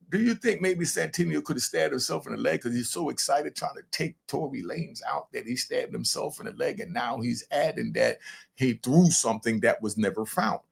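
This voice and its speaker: A man's voice: mid-range voice, vocal fry, slightly rough. An older man and grandfather hosting a true crime show, talking bluntly and animatedly straight to his viewers. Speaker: true crime commentator and host. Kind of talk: casual streetwise commentary to camera.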